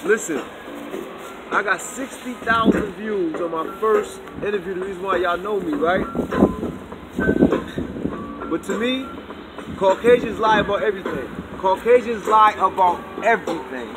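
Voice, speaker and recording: A man rambling in a loose, repetitive street monologue while high, outdoors on a city street, recorded on a handheld phone. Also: measured pace, long pauses. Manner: loose, repetitive, swings loud and soft. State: high on marijuana. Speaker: street vlogger. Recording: loud street and wind noise.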